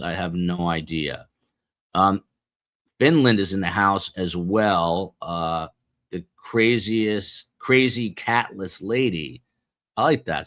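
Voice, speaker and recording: A man's voice: deep voice, fairly bright tone, no room sound, clean studio sound. A man hosting a live stream, casually rambling and joking as he reads out where his viewers are tuning in from. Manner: rambling, jokey, reading out viewer locations. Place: small office beside a studio.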